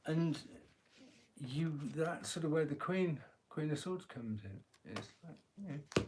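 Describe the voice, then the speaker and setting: A man's voice: on the high side, expressive, takes it slowly, a little mellow, a little hiss or hum. Chatty man, joking tarot reader. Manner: chatty, joking, laughs often, swears. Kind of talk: live-stream tarot reading. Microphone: phone.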